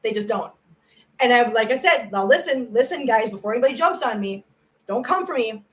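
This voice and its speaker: Earnest livestreaming woman, higher voice. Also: animated, fairly quick, fairly bright tone, low-quality recording. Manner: earnest and effusive, emotional when praising viewers. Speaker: cat channel livestream host. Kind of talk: casual livestream chat reading viewer comments.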